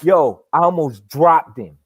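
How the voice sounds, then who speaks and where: A man hosting a live boxing chat, telling animated, profane stories and acting out punches with sound effects. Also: on the high side, measured pace, slightly rough, no echo. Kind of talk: casual storytelling chat.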